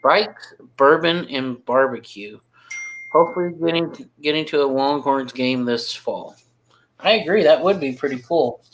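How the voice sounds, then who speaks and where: A man's voice: medium pitch, a little slow, a bit bright, a little hiss or hum, rough recording. A man co-hosting a live barbecue chat, reading comments and trading joking, teasing banter. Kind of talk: casual live-stream chat.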